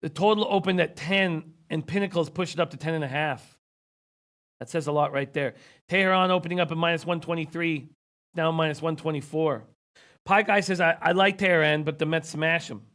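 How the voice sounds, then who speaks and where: High-pitched man losing his voice. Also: a little fast, fairly bright tone. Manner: reads viewer comments, rattles off stats. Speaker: sports betting show host. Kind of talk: casual sports betting talk.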